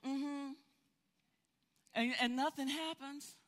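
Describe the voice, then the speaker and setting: Older lady bible teacher, lively storytelling, keeps repeating herself, long hall echo. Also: high-pitched, slow pace. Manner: animated, storytelling with frequent repeats. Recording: hall reverb.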